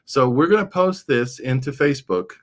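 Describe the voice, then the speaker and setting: A man's voice: medium pitch, animated, normal speed. A man hosting a casual livestream chat, rambling along with frequent fillers. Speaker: livestream show host.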